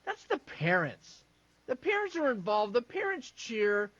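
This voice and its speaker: A man co-hosting a sports talk show, telling animated stories with lots of stumbling restarts. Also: very high-pitched, measured pace, no echo, highs cut off.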